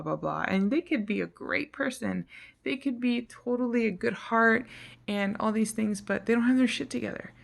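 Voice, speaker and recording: A woman with a lowish, gravelly voice vents in a casual vlog. She talks frankly and rambles, sounding tired and fed up, and now and then her voice sinks almost to a whisper. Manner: frank, frustrated, rambling, drops to near-whisper at times. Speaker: vlogger.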